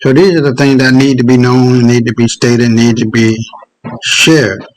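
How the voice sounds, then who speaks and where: Male host ranting on his own show, heavy swearing, keeps stopping to find clips, middle-pitched. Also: little pitch movement, moderate pace, poor audio. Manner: profane, heated, stops often to search clips. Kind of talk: casual rant commentary.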